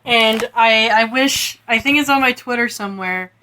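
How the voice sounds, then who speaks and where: A woman's voice: on the high side, normal speed, pushed and bright, a little hiss or hum. A woman co-hosting a podcast, recapping a book casually with frequent laughter and swearing. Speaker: podcast co-host.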